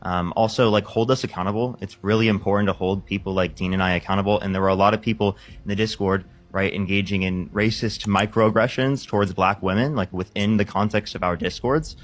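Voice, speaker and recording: A man with a lowish voice talks fast on an online panel. He sounds earnest, repeating his plea that people hold him accountable. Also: fairly even intonation. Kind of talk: panel discussion statement.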